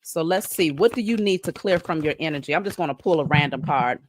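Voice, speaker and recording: On a live stream, a woman does a spiritual card reading, chatting casually with viewers and reading declarations slowly and emphatically. Her voice is low-pitched with lively intonation.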